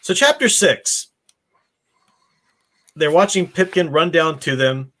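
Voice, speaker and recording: An American man hosting a book study, reading passages aloud with expressive dialogue voices and discussing them. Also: on the high side, slow pace.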